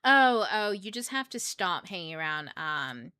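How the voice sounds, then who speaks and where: A chirpy, breezy customer service agent, as a woman puts her on, lifting into a higher, brighter voice. The sound is dry and close. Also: very animated, a little slow, smooth, no echo.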